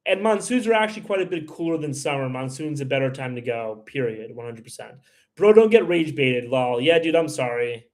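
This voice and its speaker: Brisk and barely pausing, this man hosts a livestream and fires back at viewer comments with blunt, heated ranting. His voice is medium in pitch.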